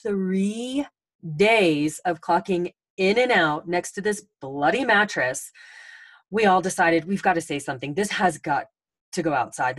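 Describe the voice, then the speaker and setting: Chatty woman host, low dry voice. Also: no echo. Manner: chatty, with many ums and restarts. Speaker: podcast host. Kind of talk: casual storytelling.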